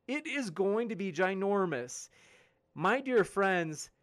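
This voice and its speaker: A young man with a somewhat high voice hosts a livestream in an upbeat, chatty way. He reads viewer comments aloud and hypes upcoming events with enthusiasm. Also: sing-song, takes it slowly, a bit bright. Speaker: livestream host and debate moderator. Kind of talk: casual live-chat reading.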